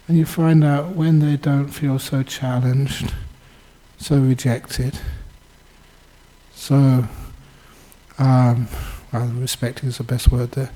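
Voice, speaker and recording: An older man, a Buddhist monk, giving a dharma talk with lively storytelling and chuckles. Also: medium pitch, measured pace, rough recording. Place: Buddhist centre.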